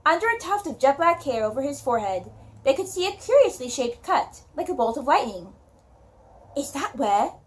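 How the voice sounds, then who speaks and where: A woman with a high voice reads a novel aloud. She tells the story at a steady pace, like a storybook read to listeners. She is speaking on her own reading channel. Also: brisk. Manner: steady storytelling, then casual sign-off with fillers.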